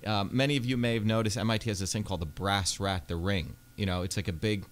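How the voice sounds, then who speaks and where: A man's voice: on the low side, fairly even intonation, fast talker. A man, a Senate candidate telling his life story earnestly in a radio studio interview, with many fillers. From India.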